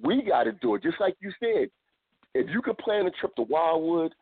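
A man's voice: fairly high pitch, sing-song, normal speed, breathy edge. A man hosting a casual talk show who often repeats words and restarts his phrases. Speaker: podcast host. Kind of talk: casual chat. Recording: tinny phone-line sound, dry.

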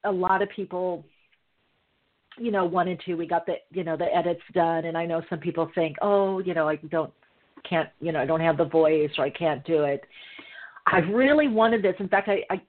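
A woman hosts her podcast in a gushing, chatty style, piling on praise between ums and uhs. Her voice sits a little low. It comes through a thin, phone-like line. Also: fairly even intonation, normal speed. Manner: effusive, gushing, many fillers. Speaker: podcast host. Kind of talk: casual podcast talk.

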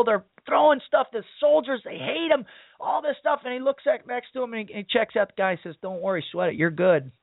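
A man's voice: very high-pitched, dry recording. A man hosting a podcast, retelling a story in a casual, sermon-like way, emphatic and repetitive, full of "man" and "you know". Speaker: podcast host. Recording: dry, tinny phone-like sound.

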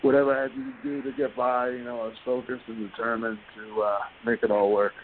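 A man speaks down a narrow, phone-like line, with a faint hiss beneath his voice. He tells his stories loosely and rambles, stacking fillers like "you know" and "like". His pitch sits in an ordinary middle range. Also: level tone, a little fast. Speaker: guest wrestler. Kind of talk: casual interview storytelling.

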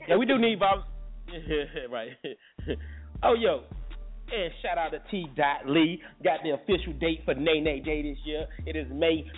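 A man's voice: fairly high pitch, a little slow. A man hosting a casual morning talk show, joking loosely and repeating himself. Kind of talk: casual radio chat. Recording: phone-line sound, faint music.

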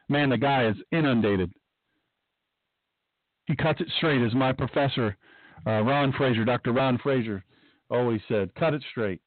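A man hosts a talk radio monologue in a somewhat high voice, pressing his points with emphasis and circling back to repeat them. The sound is thin and phone-like, with a dry, close quality and no room around it. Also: no echo. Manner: emphatic, rambling, repeats himself. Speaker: podcast host.

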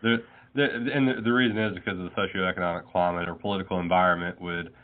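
A man's voice: sits low, fairly even intonation, fast talker. A man, an accountant guest giving plain-spoken financial advice over a phone call. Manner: plain-spoken, laughs easily. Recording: tinny phone line.

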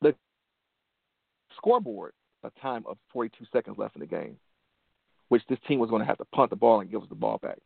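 A gravelly-voiced man from Detroit tells a personal story in an earnest, motivational way, circling back on key phrases. The sound is dry and narrow, like a phone line, with no room around him. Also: mid-range voice, animated, brisk, pauses often, no echo. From Detroit, USA. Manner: earnest, repeats phrases for emphasis. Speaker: motivational show host.

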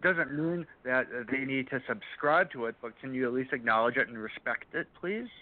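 A man's voice: mid-range voice, lively intonation, normal speed. A man as a guest in a casual interview chat, speaking emphatically and pressing pointed questions again and again. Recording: tinny phone-like line.

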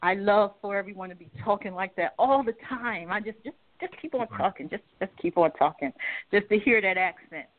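A woman guest on a talk radio show, telling stories in a chatty, laughing way, stretching some words out slowly. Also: medium pitch. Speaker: guest, music company head. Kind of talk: casual radio chat. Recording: phone-line audio.

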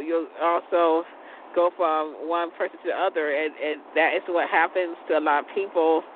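A woman hosting a call-in talk show, chatting frankly in a casual monologue. She stumbles over words, repeats herself and laughs often. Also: low-pitched. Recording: tinny phone line, faint noise.

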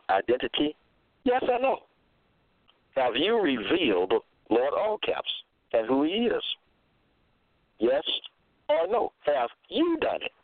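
A man's voice: mid-range voice, dry recording. Man teaching scripture over tinny audio. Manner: repetitive, asks listeners rhetorical questions. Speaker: Bible teacher. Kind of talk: religious teaching monologue. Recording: dry, phone-like lo-fi audio.

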